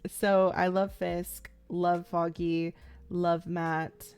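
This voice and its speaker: A woman's voice: on the low side, flat delivery, slow pace, darkish tone, smooth, dry recording. A young woman chatting casually about a show she's watching, rambling with lots of "like" and "um" fillers and playfully acting out characters' lines. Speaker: vlogger reacting to a TV series. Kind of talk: casual first-time-watch reaction chat.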